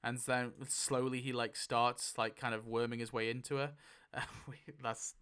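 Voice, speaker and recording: Excitable man host, casual chat, laughs a lot, swears, bright clear voice. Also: medium pitch, measured pace. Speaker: YouTube host.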